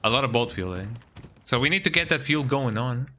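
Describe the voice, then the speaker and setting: A man's voice: medium pitch, expressive, a little fast, bright, forceful tone, a little hiss or hum. A Spanish-speaking man, chatting casually and playfully while streaming a game, tagging "eh?" onto his lines. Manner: rambling and playful, frequent tag "eh?", breaks into silly sing-song bits. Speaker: gaming streamer. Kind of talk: casual live-stream chat while playing.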